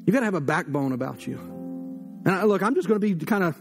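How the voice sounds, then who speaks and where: A man's voice: high voice, lively intonation, quick pace, creaky, soft background music. A man preaching a sermon as pastor, fiery and direct, talking to the congregation as if across a table.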